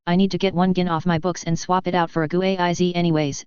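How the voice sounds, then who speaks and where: A man's voice: sits high, level tone, fast, darkish tone, smooth, dry recording, lightly acted. A narrator voicing a brash, sardonic male mercenary commander in a spoken fan story, with a dull, lo-fi sound. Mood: cocky. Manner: cocky and sardonic. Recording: dull lo-fi dry audio.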